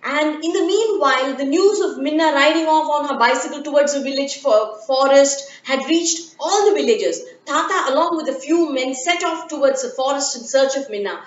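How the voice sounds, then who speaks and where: A woman narrating a children's story slowly and gently, with occasional fillers. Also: sits high. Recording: dull, echoey room, from far off.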